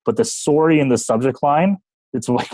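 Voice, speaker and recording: A Canadian man, a sales manager, talking casually as a podcast guest, relaxed and quick to laugh. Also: medium pitch, no echo, poor audio. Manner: relaxed and talkative, laughs easily, jokes about himself.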